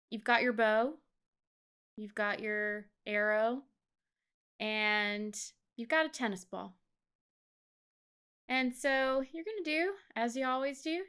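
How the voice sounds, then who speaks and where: Woman, podcast co-host, calm guided-meditation reader, slow and smooth. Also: a little high. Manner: slow, measured, soothing delivery.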